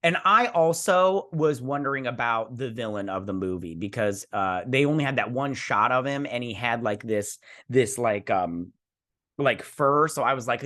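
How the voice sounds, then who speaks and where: A chatty man hosts a casual reaction commentary. He reads an article aloud and keeps breaking off into rambling asides. His voice sits at an ordinary middle pitch for a man. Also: fairly bright tone. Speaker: host.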